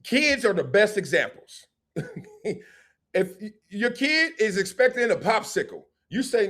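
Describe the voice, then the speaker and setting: Animated man hosting sports talk. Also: sits high, unhurried. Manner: animated, acts out quotes in voices. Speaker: show host.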